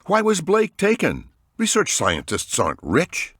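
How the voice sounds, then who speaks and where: A frantic young male researcher, voiced by a man in an audiobook, his voice pitched well up and swinging widely. He fires off urgent, pleading questions with a dry, close sound. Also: wildly swooping pitch, unhurried, a bit bright, husky, no room sound, exaggerated voice. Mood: anxious. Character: young male ocean researcher, anxious and shaken. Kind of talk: audiobook character voice.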